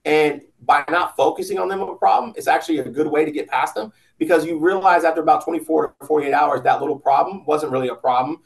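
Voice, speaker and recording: A man's voice: fairly high pitch, quick pace, vocal fry, few pauses, poor audio. A man talking casually and bluntly as a podcast guest, giving motivational advice and swearing freely. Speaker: podcast guest, business owner.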